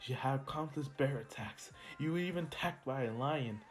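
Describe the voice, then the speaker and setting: A determined teenage boy hero, voiced by a man narrating a fan story, talking himself down in a low, hushed murmur and speaking slowly. Soft lofi music sits underneath. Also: lightly acted. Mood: focused. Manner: hushed, steadying self-talk.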